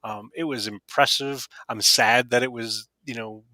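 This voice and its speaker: A man's voice: medium pitch, steady tone, a little slow, pushed and bright, dry recording. A man co-hosting a casual fan podcast, talking with upbeat enthusiasm and frequent restarts. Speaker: podcast co-host. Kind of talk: casual panel chat.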